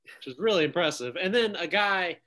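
Laughing, slightly high-voiced man. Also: expressive, brisk, sharp tone. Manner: laughs often while recapping a cartoon. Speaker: podcast co-host. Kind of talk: casual chat.

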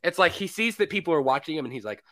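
Animated high-voiced man on a podcast. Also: rapid-fire. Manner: animated, acts out movie scenes, laughs often. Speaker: podcast co-host. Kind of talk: casual movie podcast chat.

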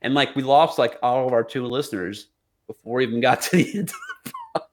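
A man's voice: mid-range voice, quick pace. A man co-hosting a podcast, ranting casually with lots of swearing, jokes and restarts. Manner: profane, joking, rambling with restarts. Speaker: podcast co-host. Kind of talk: casual political chat.

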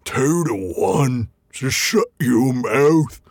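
A man voicing a slow, gruff, half-blinded male troll in a storybook reading, with a heavy drawl. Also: mid-range voice, animated, a little mellow, no room sound, clean studio sound, heavily acted. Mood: grumbling.

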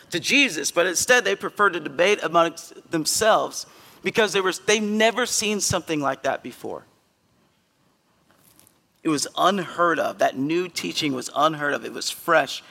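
Gravelly-voiced man preaching in a reverberant church. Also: on the high side, lively intonation, normal speed. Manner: earnest, emphatic, with sudden loud bursts. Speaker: pastor. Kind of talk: conversational sermon. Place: church sanctuary.

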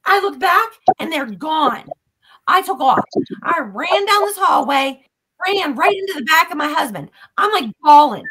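A woman guest on a podcast, casually retelling a story in an animated, profane way. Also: high-pitched, a little slow, rough recording.

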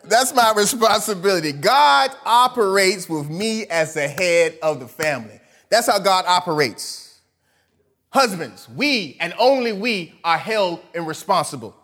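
High, lively male preacher. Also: measured pace. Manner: animated, swinging between loud emphasis and soft asides, often laughing. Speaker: pastor. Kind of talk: sermon.

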